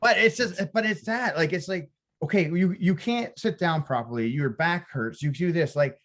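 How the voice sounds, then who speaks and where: A man co-hosting a casual podcast, who talks in a loose, halting way and swears. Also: fairly high pitch, a bit bright. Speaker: podcast co-host.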